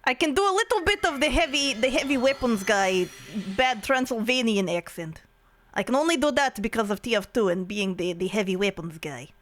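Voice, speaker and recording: A woman's voice: fairly high pitch, animated, fairly quick, slight background noise. A woman streaming casually, playful and giggly, trying out silly voices between chatting with viewers.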